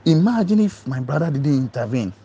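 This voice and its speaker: A man casually telling viewers a personal story, animated and tripping over his words with restarts and repeats. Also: on the high side, brisk, dull audio, slight background noise.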